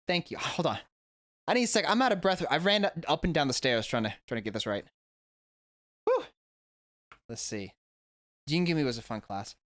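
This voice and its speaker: A man's voice: a little high, a bit bright, no echo. A man, an English teacher, talking through a reaction video at home in a rambling, self-correcting way. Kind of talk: casual reaction vlog. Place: indoors at home.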